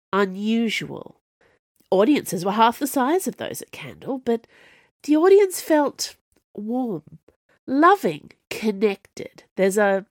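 A woman voicing a calm, knowing retired woman assassin in an audiobook, speaking gently. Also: mid-range voice, dry recording, studio quality, heavily acted.

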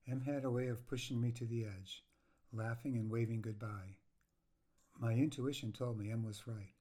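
A man hosts his own podcast and reads his personal story aloud. His voice is mid-pitched and his delivery is reflective and earnest. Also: steady tone, moderate pace, dark tone. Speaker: podcast host. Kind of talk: reading a personal grief memoir aloud.

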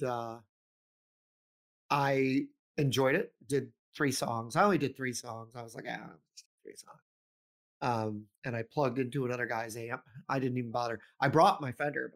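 A middle-aged man chatting casually as a podcast co-host. His talk rambles, full of fillers, restarts and asides. His voice sits at an ordinary middle pitch. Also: steady tone, moderate pace. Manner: rambling, many ums and restarts, laughs often. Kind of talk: casual chat.

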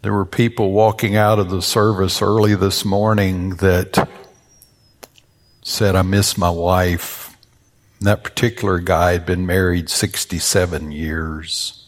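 A man's voice: level tone, unhurried. A man in his sixties, a longtime minister, preaching a sermon in church with a folksy, joking storyteller's manner. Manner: folksy, joking storyteller with high-pitched voices for quoted people. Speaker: pastor. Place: church sanctuary.

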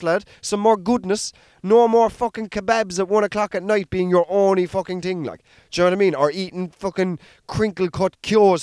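A young Irish comedian talking in a casual, rambling, sweary podcast monologue. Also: male voice, high voice, clear, resonant tone, no echo, clean studio sound. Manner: sweary, rambling, self-deprecating.

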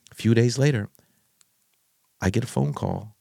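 A man hosting a podcast, telling a frank personal story in an animated way and laughing easily. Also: medium pitch, normal speed, gravelly, no echo, clean studio sound.

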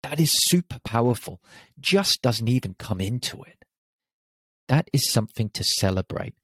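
A man's voice: mid-range voice, sing-song, moderate pace, a bit bright, husky, no room sound. A man hosting a motivational podcast, talking in an emphatic, encouraging way and swearing casually. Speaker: confidence podcast host and coach.

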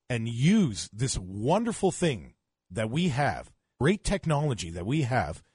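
A man's voice: medium pitch, darkish tone, slightly rough, no room sound, studio quality. A man co-hosting a late-night radio show, speaking emphatically and ranting. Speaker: radio co-host.

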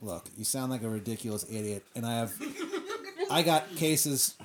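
A man playing a gruff, curt police lieutenant. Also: mid-range voice, moderate pace, background noise, close to an everyday voice. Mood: annoyed. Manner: curt, contemptuous.

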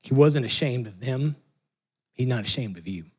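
A man preaching a sermon in a conversational, earnest way, swinging from loud emphasis to soft, hushed lines. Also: mid-range voice, animated, normal speed, husky. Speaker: pastor.

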